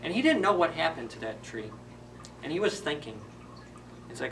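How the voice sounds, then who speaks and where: A man narrating a children's story-time retelling in a relaxed, chatty way. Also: on the high side, moderate pace, creaky, long pauses. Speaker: children's librarian reading a story. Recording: distant mic, faint background hiss.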